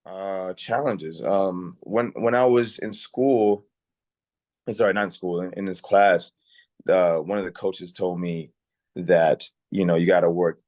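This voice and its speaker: A young adult man with a low-pitched voice, recorded dry, tells stories as an actor guesting on a casual interview. He's relaxed and chatty, saying "like" a lot and often restarting his sentences.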